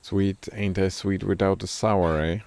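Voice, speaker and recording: Playing a video game on stream, a man offers casual commentary, musing, looking up words and making self-deprecating jokes. His voice is low and darkish with vocal fry, fairly even intonation and a slightly slow pace, captured in a dry recording.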